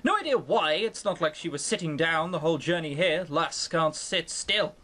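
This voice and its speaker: Speaking at a normal pace with a medium, animated pitch and a fairly bright tone, a young streamer sarcastically narrates and ridicules a visual novel. This let's-play host is in a home room on webcam, right up on a close desk microphone.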